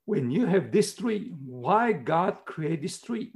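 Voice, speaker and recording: A man's voice: high-pitched, very animated, takes it slowly, gravelly, darkish tone. A middle-aged man preaching a sermon in earnest, emphatic, simple English, repeating his key words. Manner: non-native English, simple phrasing.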